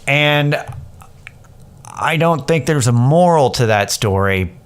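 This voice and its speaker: Speaking slowly in a clean, medium-pitched voice, a podcast host in his thirties relates a personal story in a casual monologue. He's candid, profane and meandering, and turns animated when repeating what others said.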